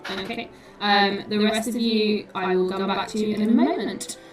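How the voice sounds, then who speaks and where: A woman's voice: medium pitch, fairly even intonation, normal speed, far from the mic. A woman narrating a tabletop game as game master, bubbly and laughing often. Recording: very echoey room, music behind.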